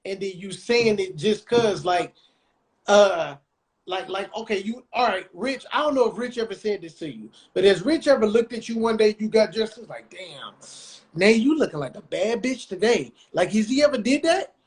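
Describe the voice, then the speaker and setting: A man's voice: high voice, expressive, normal speed. A man hosting a podcast, chatting casually and animatedly in laid-back slang. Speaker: podcast host.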